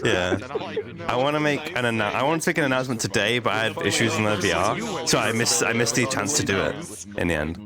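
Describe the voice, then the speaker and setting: A man's voice: fairly low pitch, fast, over music. A young man from Liverpool with a northern English accent, sleepy, chatting casually on stream and often repeating his words. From Liverpool, England. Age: young adult. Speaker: streamer playing a VR role-play character. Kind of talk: casual chat.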